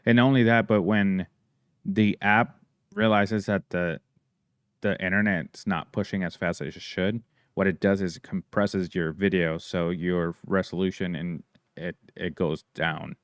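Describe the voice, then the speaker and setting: A man's voice: deep voice, steady tone, a little slow, clear, resonant tone, no echo. A man co-hosting a podcast in casual chat, joking and teasing his friends. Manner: joking, teasing, swears freely. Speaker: podcast co-host.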